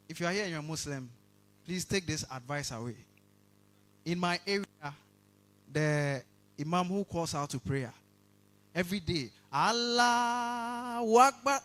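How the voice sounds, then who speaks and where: A man with a Ghanaian English accent doing a stand-up comedy set, telling a story with animated, shouted punchlines. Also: fairly high pitch. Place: comedy awards stage before a live audience.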